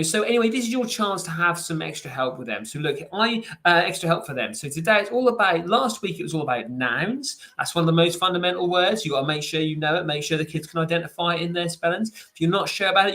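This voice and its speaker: A man's voice: a little high, fairly bright tone. A man, giving a chatty, upbeat live online lesson for parents, full of fillers and restarts. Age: 40s. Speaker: private tutor.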